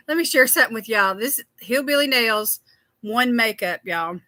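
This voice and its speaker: Woman hosting a skincare stream, bright and a touch high, chatty and a bit tired, dry close sound. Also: expressive, normal speed, dry recording. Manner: chatty, greets viewers by name. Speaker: skincare livestream host. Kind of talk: casual livestream chat.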